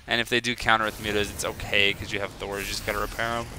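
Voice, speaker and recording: A young man giving casual, rambling solo commentary on a video game match, chatty and excitable, with many fillers. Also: fairly low pitch, fast talker, background noise.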